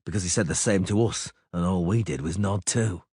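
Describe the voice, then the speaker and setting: A man's voice: sits low, a little fast, slightly rough, no echo. A man reading a laconic weary monster hunter. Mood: dry. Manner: dry, calm, understated.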